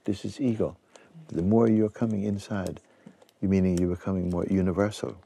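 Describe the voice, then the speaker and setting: Man, spiritual teacher, very low voice, husky, slow reflective talk. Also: warm tone. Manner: slow, reflective, with pauses and restarts.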